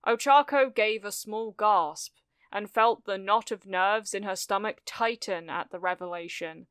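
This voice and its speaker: A woman reading a fan fiction story aloud in steady, measured narration on a close microphone. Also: mid-range voice, smooth, dry recording. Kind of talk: scripted narration.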